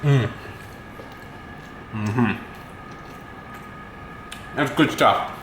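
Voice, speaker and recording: Talking to the camera from inside his home, a tech YouTuber rambles through his day in a casual vlog, full of ums and uhs. He speaks extremely slowly at a medium pitch. The recording is reverberant, with background noise.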